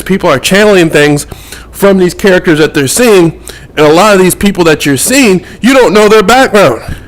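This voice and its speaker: A man's voice: high-pitched, rough recording. A man talking to camera about his work as a metaphysical mentor, in a casual monologue that rambles and repeats words as he thinks.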